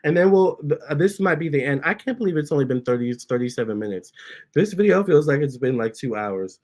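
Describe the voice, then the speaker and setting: Male vlog host, voice pitched a bit high, casual and animated storytelling, coaxes his pets mid-sentence. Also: fairly quick. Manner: chatty and animated, breaks off to coax his cats. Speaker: tarot reader and channel host. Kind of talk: casual storytime, reading out viewer comments.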